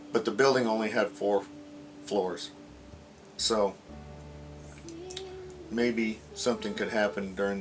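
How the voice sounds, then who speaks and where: A man retelling a dream to the camera in a halting, rambling, earnest way. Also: on the low side. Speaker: religious video blogger.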